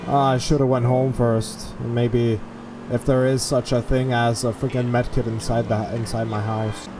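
A man's voice: mid-range voice, unhurried, noisy background. Young man swearing through gameplay commentary. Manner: excitable, swears a lot, yells when panicked. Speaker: gaming YouTuber. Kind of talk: casual let's-play commentary. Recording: voice over loud game sounds.

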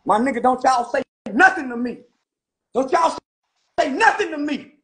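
A man ranting loudly into his recording, mocking and shouting at his targets. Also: very high voice, animated, moderate pace. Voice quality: loud, taunting, frequently shouting. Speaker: internet commentator. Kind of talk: angry mocking rant.

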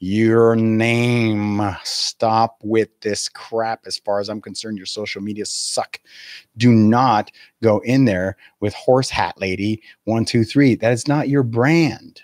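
A man's voice: lowish voice, expressive, normal speed, darkish tone, no room sound. Foul-mouthed coach guy, 40s, ranting and laughing, dry close sound. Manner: blunt, profane, laughing rant. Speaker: real estate coach. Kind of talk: live video webinar.

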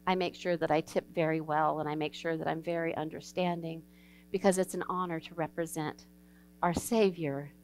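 Smooth-voiced woman pastor preaching. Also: fairly low pitch. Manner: earnest, folksy storytelling, acts out quoted dialogue. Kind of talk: sermon with told stories. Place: church sanctuary.

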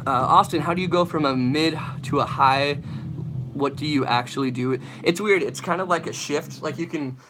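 A man's voice: medium pitch, noisy background. A young man, a vocalist, chatting loosely and swearing while he answers live chat questions about singing. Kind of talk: casual livestream Q&A.

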